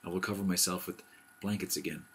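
A man's voice: low voice, steady tone, fast, a bit bright. A man doing a fussy, earnest little owl. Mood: fretful. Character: fussy kindly male owl homebody.

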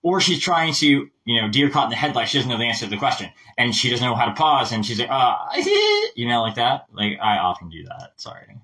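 Animated guy teaching voices, bright tone, kinda far off mic. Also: mid-range voice, fast, hardly any pauses. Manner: chatty, animated, explains with lots of asides. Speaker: voice coach. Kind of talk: casual voice lesson.

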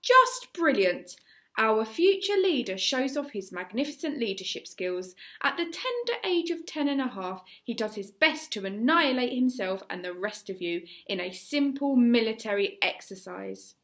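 A woman with an English accent voicing a gruff, scornful male Viking teacher who shouts at his pupils. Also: mid-range voice, expressive, normal speed, lightly acted. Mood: bellowing.

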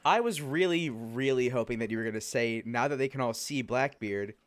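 Male co-host, mid-pitched, dry incredulous quips, casual. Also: brisk, no echo. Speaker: podcast co-host. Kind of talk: casual chat.

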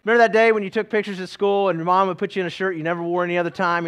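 A man's voice: sits high, very fast, hardly any pauses, a bit bright, clean tone. A middle-aged man from East Tennessee, preaching a sermon in a folksy way with joking asides to the congregation. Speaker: pastor.

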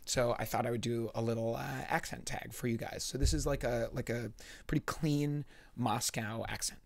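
A man's voice: medium pitch, steady tone, moderate pace, creaky. A young man, chatting casually to camera and slipping in dry jokes. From California, United States. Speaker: vlogger.

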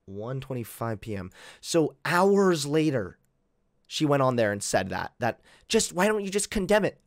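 A man's voice: mid-range voice, big pitch swings, moderate pace, dry recording, clean studio sound. A man hosting a commentary video, reacting to a clip in an exasperated, sarcastic rant. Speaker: commentary channel host.

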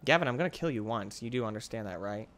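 Excitable young man commenting on gameplay. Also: lowish voice, fast. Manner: excitable, mock-dramatic, trash-talking. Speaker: gaming video host.

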